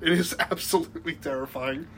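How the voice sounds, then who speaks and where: A man's voice: fairly high pitch, fairly even intonation, fairly quick, a little hiss or hum. A young man telling a rambling story in casual podcast chat, full of likes and restarts and laughing as he goes. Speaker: podcast guest.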